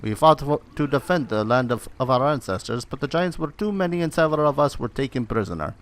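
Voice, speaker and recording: A man's voice: medium pitch, animated, moderate pace, close to an everyday voice. A man reading the lines of a proud captive barbarian warrior woman in a formal, solemn tone with a put-on accent. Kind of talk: reading game dialogue aloud.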